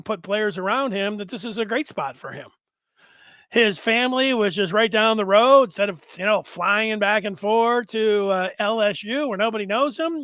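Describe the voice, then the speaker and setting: A man's voice: high-pitched, a bit bright, dry recording. A man hosting a casual sports talk show, reading viewer comments aloud and rambling with frequent restarts.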